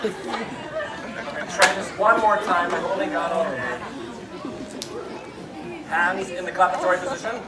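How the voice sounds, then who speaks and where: A man's voice: sits high, unhurried, pauses often. A man doing a playful live comedy science show, talking to the audience with joking asides. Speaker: stage performer. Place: large hall before a live audience. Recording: echoey hall, mic from far off, crowd and noise.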